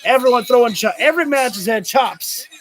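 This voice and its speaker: High-voiced excitable male wrestling streamer. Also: brisk. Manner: reacts loudly, swears, shouts at big moments. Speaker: livestream wrestling commentator. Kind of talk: excited play-by-play commentary.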